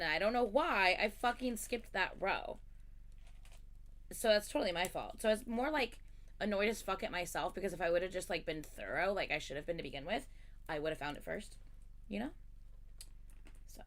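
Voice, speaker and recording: Bright-voiced woman telling a story. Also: medium pitch. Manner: animated, swears casually. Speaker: livestream host. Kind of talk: casual storytelling chat.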